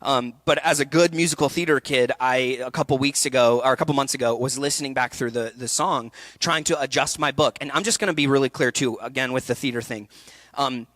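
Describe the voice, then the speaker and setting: A man in his thirties giving a passionate, animated talk to actors at a festival session. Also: mid-range voice, no room sound. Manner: passionate, animated, quick bursts with laughs. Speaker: acting coach speaking at a festival session. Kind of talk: energetic workshop talk. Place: event hall before an audience.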